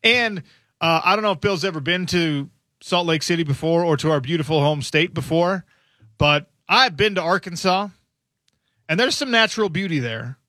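A man's voice: on the high side, lively intonation, moderate pace, bright, forceful tone, no echo. A man hosting a sports radio show in a studio, musing aloud in a casual, conversational way. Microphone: studio microphone.

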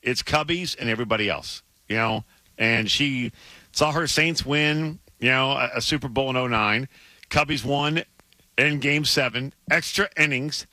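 A middle-aged man with a Southern American accent, co-hosting a sports radio talk show, emphatic and animated, often stammering and restarting. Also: mid-range voice, moderate pace, dry recording. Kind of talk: casual sports radio banter.

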